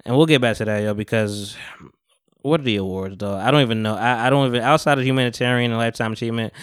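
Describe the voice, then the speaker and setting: A man's voice: mid-range voice, fast talker, smooth, no echo, clean studio sound. A young man hosting a podcast, talking in a loose, rambling way with plenty of slang and cursing. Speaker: podcast host. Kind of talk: casual chat.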